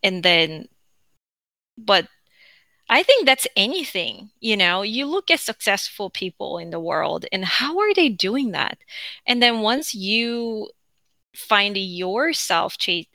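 A young Korean-accented woman talks loosely into her podcast mic, drifting from thought to thought with plenty of ums and restarts. Her tone is bright and clear. The sound is close and dry, with no room around it. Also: medium pitch, sing-song, slow, dry recording. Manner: rambling, chatty, frequent fillers and self-corrections. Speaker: podcast host. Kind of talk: unscripted casual monologue. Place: at home with her dog beside her.

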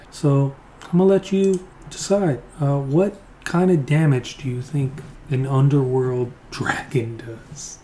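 A man's voice: mid-range voice, a little mellow, a little hiss or hum. A man narrating as game master of a tabletop game, hesitant, with many fillers and restarts.

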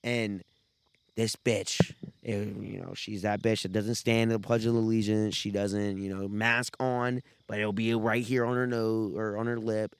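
A young man co-hosting a casual podcast, telling stories loudly, swearing a lot and laughing often. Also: lowish voice, flat delivery, measured pace, clean tone, no echo. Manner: loud, profane storytelling, laughs often. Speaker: podcast co-host.

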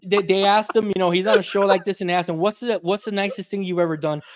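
A young man from the Miami area, a podcast guest telling stories in casual chat, animated and swearing freely as he acts out quotes. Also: high-pitched, fast, crowd noise.

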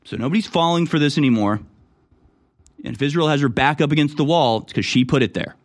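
A man's voice: fairly high pitch, fast. A man hosting online news commentary, reacting to clips in an indignant manner with sudden exclamations. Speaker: political commentary host.

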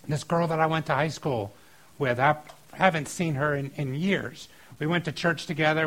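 A middle-aged pastor with a fairly high-pitched voice preaches a sermon, captured in poor audio. His delivery is earnest and conversational, growing lively and loud at times.

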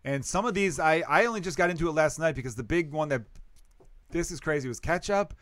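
A man from the Chicago area hosting a podcast, chatting casually and joking with quick asides. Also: fairly high pitch, fairly bright tone, slight background noise. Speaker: podcast host.

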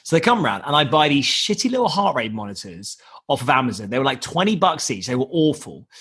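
A man's voice: medium pitch, big pitch swings, fast talker, fairly bright tone, slightly rough. A man, telling a rambling story as a podcast guest, laughing and swearing often. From United Kingdom. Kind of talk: casual storytelling.

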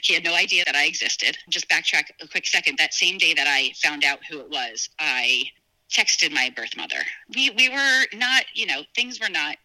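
Guest storyteller: woman from New Jersey, very bright and sharp-toned, lively, mimics others' voices mid-story. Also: normal speed, poor audio. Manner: animated, acts out quoted dialogue with big pitch jumps. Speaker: podcast guest. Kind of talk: casual personal storytelling.

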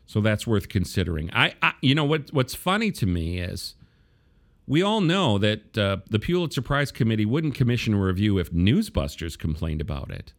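Wry man with a lively voice. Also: on the low side, moderate pace. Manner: wry, sarcastic asides. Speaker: podcast host. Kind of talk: political commentary monologue.

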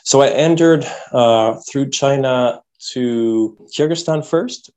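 A man from Quebec, a podcast guest telling travel stories in a casual, animated way, often repeating words as he thinks. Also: medium pitch, slow, poor audio. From Quebec, Canada. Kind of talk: casual interview storytelling.

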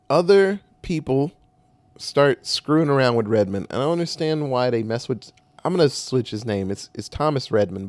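A man's voice: mid-range voice, a little mellow, no room sound. A man co-hosting a casual talk show, recapping a movie in a rambling, profane way and correcting himself as he goes. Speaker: podcast co-host recapping a movie. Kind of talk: casual chat.

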